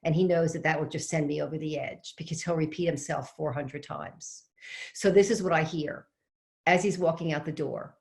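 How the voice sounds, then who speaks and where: A woman's voice: sits low, steady tone, normal speed, creaky, a little mellow. A middle-aged woman speaking from home on a video-call webinar as an organizing coach. She tells a chatty story and asks the audience questions. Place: home with fresh flowers behind her.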